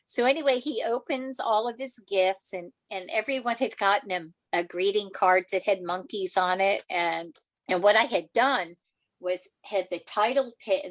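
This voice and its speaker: An older woman, a children's author, telling stories in an interview, animated and laughing, acting out quotes in a higher voice. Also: no echo. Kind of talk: storytelling in a podcast interview.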